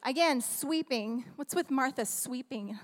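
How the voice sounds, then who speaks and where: A high-voiced woman preaches with animated, playful humor, tossing questions to her listeners. She speaks into a handheld mic. Her words trail in the long reverb of a large church hall. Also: measured pace. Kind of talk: sermon. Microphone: handheld microphone.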